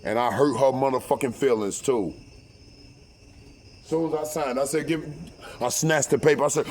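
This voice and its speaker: A man tells a personal story in rough, profane talk. He gets animated and loud when acting out what was said, and stumbles over repeated words. His voice sits at an ordinary middle pitch. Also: moderate pace, pauses often, slight background noise. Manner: profane, animated, acts out quotes loudly. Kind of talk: casual storytelling.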